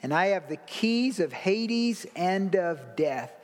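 A man preaches a sermon in a high, slow, deliberate voice, leaning hard on key words. At times he drops to a hushed, soft tone. His voice rings with the long reverb of a large church hall. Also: animated. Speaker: pastor.

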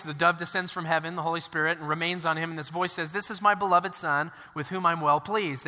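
A man preaching a sermon as pastor, telling the story in a conversational, animated way with casual asides. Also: sits high, big-room sound.

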